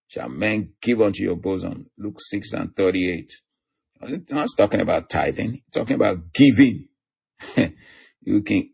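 A man preaching a sermon, reading scripture verses aloud and explaining them with casual asides. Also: darkish tone. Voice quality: gravelly, husky low voice. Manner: reads scripture aloud, chuckles between points.

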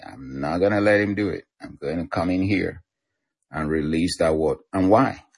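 A male pastor chatting in a relaxed, affirming way, filling his talk with "you know". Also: sits low, normal speed, creaky, husky, no room sound. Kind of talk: casual ministry chat on a prayer line.

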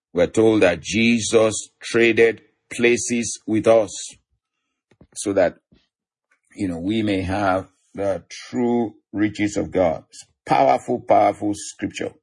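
A man preaching a sermon, reading scripture verses aloud and explaining them with casual asides. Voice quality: gravelly, husky low voice. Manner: reads scripture aloud, chuckles between points.

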